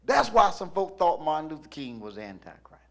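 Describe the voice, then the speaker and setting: A male pastor preaching a sermon, swinging from low murmurs up to shouts. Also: very animated, moderate pace, creaky.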